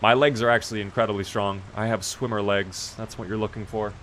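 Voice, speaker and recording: A man's voice: lowish voice, brisk, a little hiss or hum. A young man chatting casually while live-streaming a survival game, reading out chat and breaking into exasperated outbursts. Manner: animated, exasperated outbursts at his character.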